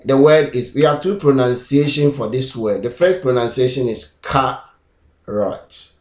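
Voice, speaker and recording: A man teaching pronunciation, repeating example words slowly and syllable by syllable. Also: medium pitch, darkish tone. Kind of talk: classroom-style lesson. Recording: echoey room.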